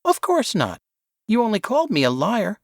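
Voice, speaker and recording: A sly, quick-witted teenage girl who loves to tease, her voice lifted high and full of lively swings, as a male narrator puts her on. She sounds playful and sure of herself, close and dry on the mic. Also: gravelly, dry recording, exaggerated voice. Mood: teasing. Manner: playful, teasing.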